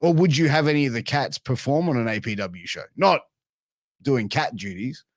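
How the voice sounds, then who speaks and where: A man hosting a podcast, asking questions in an excitable, laid-back way with plenty of swearing. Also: medium pitch, normal speed, no room sound, studio quality. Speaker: podcast host. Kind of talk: casual podcast interview.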